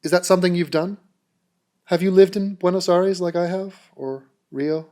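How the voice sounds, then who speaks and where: A man's voice: high voice, fairly even intonation, normal speed, darkish tone. Sarcastic man ranting to camera. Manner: mocking, sarcastic, theatrical. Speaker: YouTuber. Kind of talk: sarcastic vlog rant.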